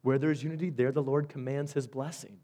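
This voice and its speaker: A man's voice: medium pitch, fairly even intonation, brisk, warm tone. A male pastor preaching a sermon, stressing and repeating his key points. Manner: emphatic, repeats key phrases.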